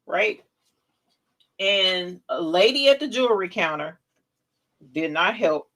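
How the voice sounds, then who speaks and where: An older woman, a grandmother, hosting a casual live craft stream and telling an animated, chatty story while demonstrating. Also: on the low side, takes it slowly, long pauses, rough recording.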